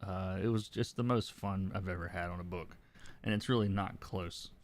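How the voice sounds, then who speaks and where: Low-voiced man thinking aloud. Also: steady tone. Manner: halting, thinks aloud with many restarts and repeated words; chuckles softly between remarks. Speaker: comic book colorist streaming his work. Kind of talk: casual livestream chat while working.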